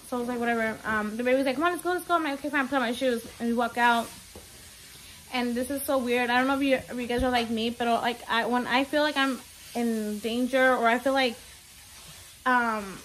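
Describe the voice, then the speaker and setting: A woman's voice: on the high side, a bit bright, slight background noise. A young woman telling a frightening story on her vlog, near tears, rambling with many fillers and slipping in Spanish words. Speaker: vlogger.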